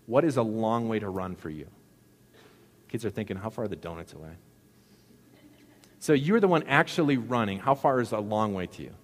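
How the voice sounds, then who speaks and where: A middle-aged man preaching a sermon in a loose, conversational way, joking and asking the congregation questions. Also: mid-range voice. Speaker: pastor. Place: church sanctuary. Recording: long hall reverb.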